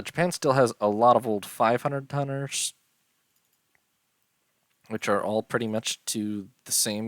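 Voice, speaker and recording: A tired man with a low voice talks through a strategy game in casual, unhurried commentary. He yawns between lists of figures and fills gaps with ums. The sound is close and dry, with no room around it. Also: no echo. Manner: unhurried, listing details with many ums and uhs. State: tired, yawning. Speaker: strategy game let's-player.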